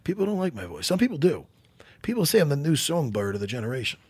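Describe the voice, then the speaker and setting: A man on a casual podcast, telling loud, jokey stories with a lot of swing in his voice. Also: a little high, fast talker, breathy edge, no room sound. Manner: animated, loud, jokey storyteller. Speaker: MMA coach and podcast guest. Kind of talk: casual chat.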